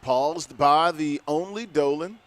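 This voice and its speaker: A man's voice: a little high, slow pace. A man giving casual live game commentary, easygoing and joking as he calls the plays. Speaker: esports commentator.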